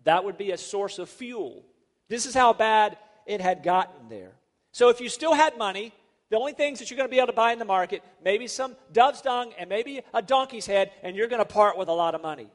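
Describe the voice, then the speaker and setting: A man's voice: sits high, animated, a little fast. A man preaching a sermon as a pastor, emphatic and full of rhetorical questions. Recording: long reverb of a large hall.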